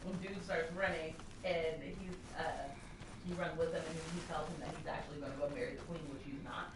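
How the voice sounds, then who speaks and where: A woman's voice: deep voice, fairly even intonation, fairly quick. A woman casually retelling a story to her friends, rambling, swearing freely and laughing as she goes. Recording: roomy, distant and noisy.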